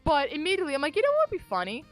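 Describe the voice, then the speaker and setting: A woman game master on stream, telling her tabletop story in a loose, rambling way and swearing freely. Her voice sits high and swings widely in pitch. Quiet music runs in the background. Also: wildly swooping pitch, rapid-fire. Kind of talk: casual storytelling while gaming.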